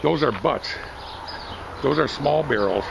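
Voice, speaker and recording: A middle-aged man telling a rambling, animated story, casually chatting outdoors at a barbecue competition. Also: medium pitch, a little slow, vocal fry, background noise.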